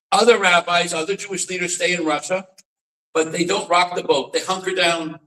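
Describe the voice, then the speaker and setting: A man gives a dramatic storytelling lecture, his voice high and bright as he circles back over his own words. He is picked up from a distance, so his voice carries a faint sense of the room. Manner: dramatic storytelling with repeated restarts and Yiddish phrases. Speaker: rabbi and author.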